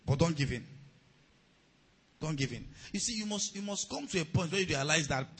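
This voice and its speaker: Male pastor, high raspy voice, fiery call-and-response preaching. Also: animated, moderate pace, a bit bright, low-quality recording. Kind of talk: sermon.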